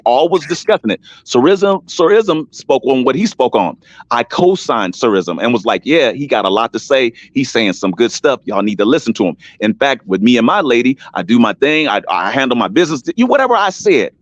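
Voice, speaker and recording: A man with a medium-pitched voice talks heatedly but casually on an online panel, emphatic and repetitive, addressing listeners by name. The stream audio is dull and dry, with no echo.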